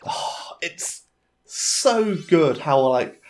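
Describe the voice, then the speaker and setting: A man's voice: a little high, animated, extremely slow. A man giving casual, jokey gameplay commentary with laughing, rambling asides. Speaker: let's play host.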